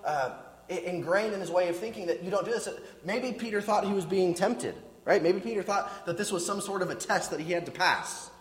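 A man preaching a conversational sermon with casual asides, often restarting his words. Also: high-pitched. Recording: echoey hall with long reverb.

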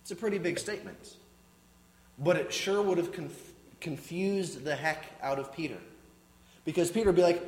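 High-voiced preacher in an echoey hall. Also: male voice, normal speed, long pauses, darkish tone. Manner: casual, restarts words, relatable asides. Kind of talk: conversational sermon. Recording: echoey hall with long reverb.

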